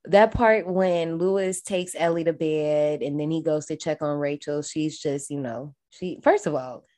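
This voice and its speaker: A woman's voice: sits low, unhurried. A woman co-hosting a podcast, casually recapping a horror movie and breaking into exaggerated quoted voices. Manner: animated, swings into exaggerated voices when quoting. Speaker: podcast co-host.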